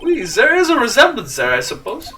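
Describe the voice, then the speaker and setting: A man's voice: extremely high pitch, wildly swooping pitch, brisk, sharp tone, pitched above the performer's own voice, heavily acted. A man voicing a dramatic, fretful French restaurant man with a put-on French accent, reading game dialogue aloud. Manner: theatrical, whiny. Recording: distant mic with game music.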